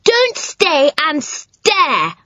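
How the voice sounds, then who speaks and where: A woman reading a children's audiobook, voicing a rude, prim little girl who speaks in a haughty, sharp way. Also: high-pitched, sing-song, a little slow, no echo, voice pushed up. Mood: angry. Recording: slightly muffled, dry sound.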